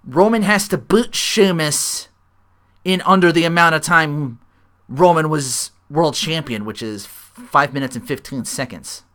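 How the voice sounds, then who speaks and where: A man's voice: on the high side, unhurried, fairly bright tone. A man co-hosting a casual podcast, recapping a wrestling show and laughing often. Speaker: podcast co-host.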